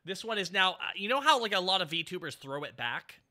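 An excitable man in his thirties hosts a casual stream chat, with a high, very bright and forceful voice. He gushes, thanks people and breaks into sudden yelps. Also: brisk. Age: 30s. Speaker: streamer host.

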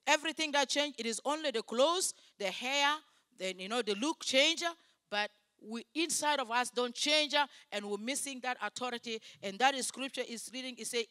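Woman preaching, high bright voice, emphatic, broken English, dry close sound. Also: no echo. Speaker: guest preacher. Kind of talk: sermon.

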